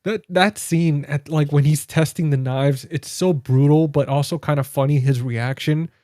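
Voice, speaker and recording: A man co-hosting a casual movie chat, relaxed and full of dude and like. His voice sits a little high and sounds mellow. The sound is dry and close. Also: normal speed, no room sound. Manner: relaxed, says "dude" and "like" a lot. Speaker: podcast co-host.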